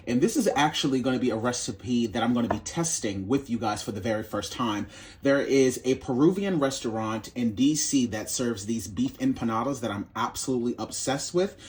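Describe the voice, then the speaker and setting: Cooking host, male, mid-pitched, playful and sassy, chatty tutorial delivery. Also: a little hiss or hum. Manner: sassy, playful, calls viewers baby and honey.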